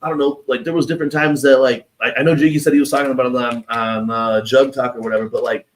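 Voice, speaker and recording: Rambling man with a mid-pitched voice. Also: steady tone, quick pace, low-quality recording. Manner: rambling, casual, full of fillers. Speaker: show co-host. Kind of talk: live webshow recap chat.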